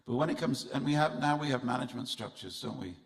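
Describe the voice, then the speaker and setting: In a temple hall, a man gives a festival sermon full of humorous anecdotes, addressing the crowd head-on. His medium-pitched voice is creaky and animated, and he moves at a quick pace.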